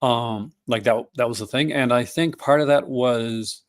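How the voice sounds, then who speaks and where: A man's voice: mid-range voice, unhurried. A man in his fifties hosting a casual chat, rambling with many fillers and restarts. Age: 50s. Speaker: podcast host.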